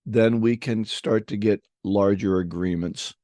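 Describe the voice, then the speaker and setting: Man, fairly low voice, dry close sound; chatty co-host who spins anecdotes and repeats words as he goes. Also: fairly even intonation, unhurried, dark tone, dry recording. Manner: storytelling, acts out voices in anecdotes; frequent restarts and repeated words. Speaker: podcast co-host. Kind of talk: casual conversation on selling.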